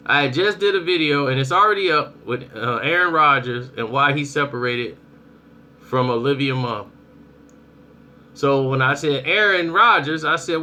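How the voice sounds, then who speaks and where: A young adult man giving casual spoken commentary on his channel, telling stories in a lively way and acting out people's reactions. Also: mid-range voice, normal speed. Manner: animated storytelling, acts out reactions. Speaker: vlogger.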